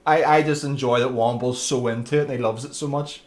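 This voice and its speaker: A man's voice: medium pitch, fairly even intonation, brisk. A man commentating his own racing game live and chatting to viewers by name. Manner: chatty, addresses viewers by name, friendly banter. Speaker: livestreamer.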